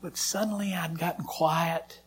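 A man, a preacher giving an emotional sermon testimony and swinging from loud lines to hushed whispers. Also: on the high side, fairly even intonation, a little slow, breathy edge.

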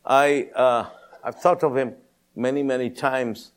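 A pastor in his sixties telling a testimony in a sermon, animated, rising high when he quotes others. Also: a little slow, clear, resonant tone.

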